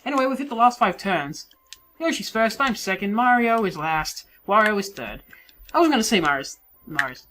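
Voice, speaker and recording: A woman giving casual, self-mocking let's play commentary, swearing and moving around her mic so her level swings between yelling and mumbling. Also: mid-range voice, lively intonation, normal speed, soft background music. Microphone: desk mic, moves around it while playing.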